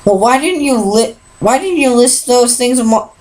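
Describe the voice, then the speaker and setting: A hyper little pink pony girl bounces through her lines in a raised, squeaky voice, as a woman puts her on for a storybook reading. She is quick and playful, spilling out schemes in a rush. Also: lively intonation, a little mellow, natural voice, low-quality recording. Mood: bossy.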